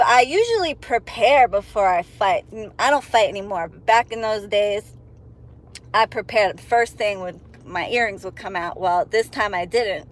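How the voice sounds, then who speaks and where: A woman vlogger telling a profane, animated story from inside her car while driving. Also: mid-range voice, rough recording. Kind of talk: storytime vlog.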